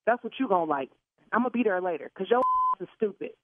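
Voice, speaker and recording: A woman's voice: expressive, fast talker, background noise. A woman on the phone, swearing and furious as the victim of a prank call. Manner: furious, swearing, high and shrill when angry. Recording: tinny dry phone line.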